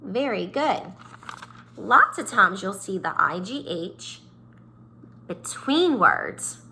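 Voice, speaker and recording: A woman's voice: medium pitch, sing-song, slow, sharp tone. A woman teacher giving a phonics lesson to young children. She has a sing-song way of talking, stretching and stressing each sound.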